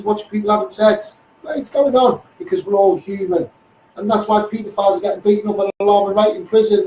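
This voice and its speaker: Rambling high-voiced Liverpool man ranting. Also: darkish tone. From England. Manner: rambling, blunt, keeps saying "mate" and "you know what I mean". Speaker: livestreamer. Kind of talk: ranting live-stream monologue. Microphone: phone livestream. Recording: roomy, distant phone livestream with faint noise.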